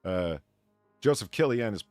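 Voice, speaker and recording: A man chats casually as a podcast host, his pitch swinging widely as he reads headlines and swears through stumbling restarts. The recording is dry and close. Faint music plays behind him. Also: lively intonation, moderate pace, a little mellow, no echo. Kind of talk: casual chat reading news.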